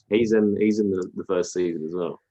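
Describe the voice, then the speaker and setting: A man's voice: low-pitched, fairly even intonation, moderate pace, mellow, highs cut off. A man co-hosting a podcast in casual chat, rambling and laughing as he tells stories. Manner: rambling, laughs while telling stories, slips into silly voices. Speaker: podcast co-host.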